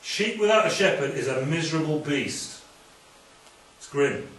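Brief: male preacher, chatty lively sermon, recorded from afar in a very echoey hall with faint noise. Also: fairly high pitch, far from the mic. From Wales. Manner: lively, conversational preaching with asides and quick humor.

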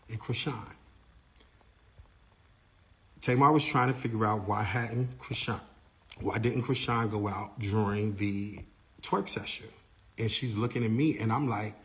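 A man recounting events as an eyewitness, telling the story in an animated first-person way and acting out what other people said. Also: medium pitch. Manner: acts out other people's lines, grows louder and faster as the story heats up.

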